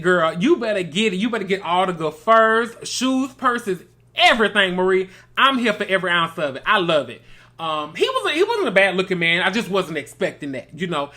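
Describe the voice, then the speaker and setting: A man's voice: high voice, sharp tone. A man from Mississippi, hosting a casual, gossipy reality TV recap and calling listeners baby and girl. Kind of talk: casual review commentary.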